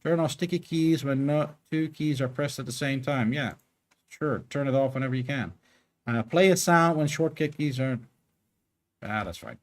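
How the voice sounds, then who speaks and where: A man's voice: medium pitch, normal speed. A man streaming his game development work, chatting casually and thinking aloud with many fillers. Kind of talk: casual live coding stream.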